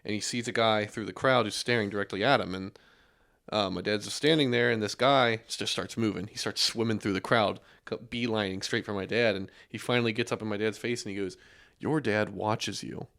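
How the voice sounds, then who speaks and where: A young man hosting a casual podcast, telling stories in a relaxed way with lots of fillers and restarts. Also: on the low side, fairly quick.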